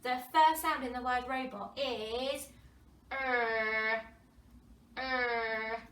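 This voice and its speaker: A woman with an English accent teaching a phonics lesson to young children, sounding out words slowly and with a lot of expression. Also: sits high. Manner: animated, exaggerated sounding-out of words with gasps and whispers. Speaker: primary school teacher. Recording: roomy distant mic, faint background noise.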